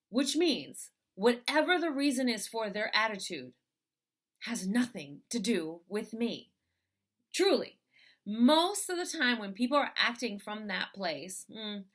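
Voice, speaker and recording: A woman talks through mindset tips in a relaxed, conversational way. She tells stories and acts out the voices of the people in them. Her voice sits at a middle pitch. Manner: animated storytelling, acts out quoted voices. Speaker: mindset coach. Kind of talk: casual motivational talk.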